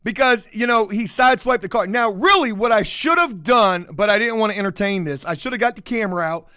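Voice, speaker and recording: A man's voice: high voice, animated, a little fast, pushed and bright, clean tone, no room sound, studio quality. A man telling a story to camera as a profane, mocking rant. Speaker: vlogger.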